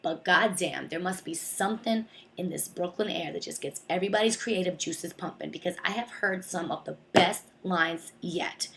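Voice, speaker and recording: A woman's voice: lowish voice, normal speed, creaky, few pauses, fairly bright tone. A young woman from New Jersey telling a comic monologue, sassy and slangy, acting out other people's voices. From Bergen County, New Jersey. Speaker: comedic storyteller.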